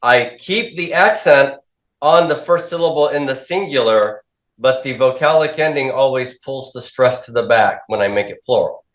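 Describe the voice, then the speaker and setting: A man's voice: medium pitch, animated, normal speed, fairly bright tone. Male teacher quizzing a class. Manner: quizzing students, repeating their answers back. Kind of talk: classroom lecture with call-and-response drills. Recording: echoey classroom.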